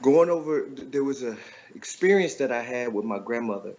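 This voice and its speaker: A man's voice: mid-range voice, lively intonation, a little fast, a little mellow, dull audio. A middle-aged man, an author and guest, telling a personal story in a loose, reflective way, often checking in with "right?".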